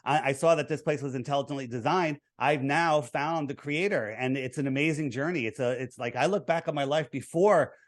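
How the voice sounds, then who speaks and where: A man's voice: fairly high pitch, brisk, hardly any pauses. A man as an interview guest, explaining his views in an earnest, lecturing way and walking through figures step by step.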